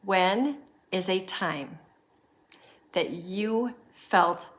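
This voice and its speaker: Talking very slowly at a medium pitch, a middle-aged woman hosts a podcast. She earnestly walks listeners through reflection and recounts a personal experience.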